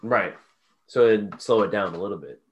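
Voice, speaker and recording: Male podcast co-host, low voice, easygoing and agreeable. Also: normal speed. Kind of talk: casual chat.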